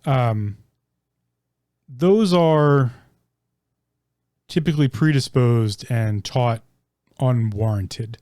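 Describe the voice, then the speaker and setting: A man's voice: medium pitch, extremely slow, pauses often, mellow, no echo, studio quality. A man hosting a solo podcast, rambling with many ums and restarts, casually swearing as he searches for words. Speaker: podcast host.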